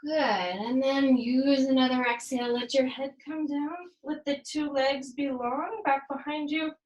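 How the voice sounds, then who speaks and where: A woman instructor leading a yoga and fitness class, calmly cueing each movement and counting reps down, sometimes adding Spanish phrases. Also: high-pitched, unhurried, echoey room, lo-fi sound. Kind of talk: guided workout instruction with counting.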